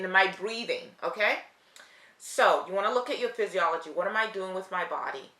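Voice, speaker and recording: A woman hosting a motivational talk to camera, animated and acting out moods in her voice. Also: mid-range voice, echoey room.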